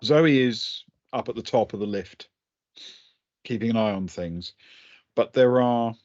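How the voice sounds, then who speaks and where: A man's voice: fairly low pitch, darkish tone. A man narrating a tabletop game as game master, hesitant and full of ums and restarts. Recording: dull lo-fi audio.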